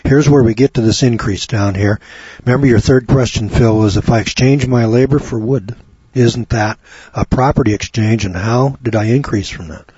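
A man's voice: mid-range voice, normal speed, a little mellow, husky, no room sound. A man giving a chatty, folksy Bible teaching program from his home studio, talking to listeners by name. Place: home studio on a rural property. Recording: dull lo-fi dry recording.

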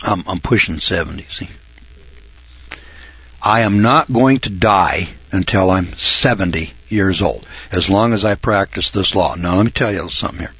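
A husky-voiced man in his late sixties hosts a radio show, delivering a folksy, confident monologue that shifts between quiet muttered asides and loud shouts. The recording is dry, dull, and lo-fi, and he speaks at a normal speed.

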